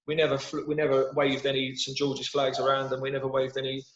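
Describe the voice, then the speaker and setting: A London-accented man talks casually through an interview, often restarting and repeating words as he goes. His voice sits at an average pitch. It comes over a video call that sounds roomy and dull. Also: monotone, quick pace, a bit bright. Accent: London English. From London, England. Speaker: football manager guest.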